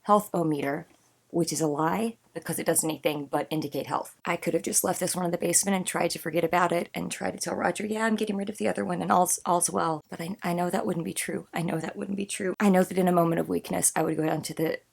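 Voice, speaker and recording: A woman's voice: fairly low pitch, fairly even intonation, fast talker, creaky, breathy edge. A woman in her thirties vlogging to camera, tearful and anxious, talking in an earnest, emotional way. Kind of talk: personal vlog, talking to camera.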